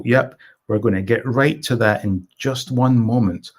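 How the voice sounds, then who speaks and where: A man's voice: mid-range voice, expressive, moderate pace. A middle-aged man from Scotland hosting a casual live stream, reading viewer comments aloud and greeting chatters by name.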